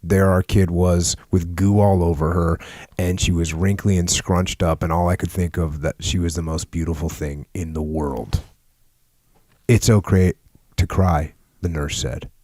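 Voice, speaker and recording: A very low-voiced man who hosts a podcast interview. He asks things in a relaxed way, teases his guest and laughs along with him. The sound is dry and close. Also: measured pace, no room sound. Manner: easygoing, teasing, laughs along. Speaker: podcast host. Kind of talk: conversational interview.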